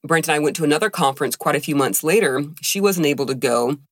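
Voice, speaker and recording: Woman podcast co-host, animated storyteller acting out quoted dialogue, dry close sound. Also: deep voice, fast, no room sound. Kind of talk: casual storytelling chat.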